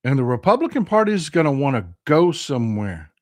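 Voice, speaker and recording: With a Texas accent and a medium-pitched, slightly mellow voice, this vlog host talks politics briskly and with great animation. He is fired up, blunt and foul-mouthed, hammering points home by repeating phrases.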